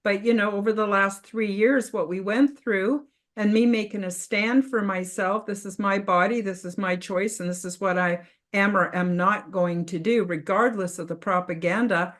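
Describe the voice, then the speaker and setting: A woman of middle pitch speaks earnestly in a spiritual panel talk over a video call. She reflects aloud at an easy, conversational pace, dotting her thoughts with fillers. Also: steady tone, normal speed, few pauses. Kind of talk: casual panel discussion.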